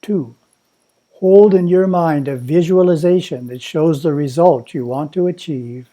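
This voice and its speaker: A man at a monastery reading a prepared spiritual talk in a measured, instructive way. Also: on the high side, warm tone. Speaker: monastery teacher.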